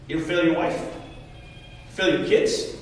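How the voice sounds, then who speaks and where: A man's voice: on the high side, fairly even intonation, moderate pace. A middle-aged man preaching a sermon as a pastor, telling stories with self-deprecating humor. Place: church auditorium. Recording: echoey hall, distant mic, faint noise.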